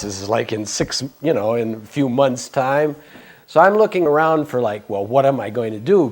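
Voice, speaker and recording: An older man in a casual interview, telling a long personal story with many fillers, restarts and chuckles. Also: lowish voice. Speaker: devotee sharing memories.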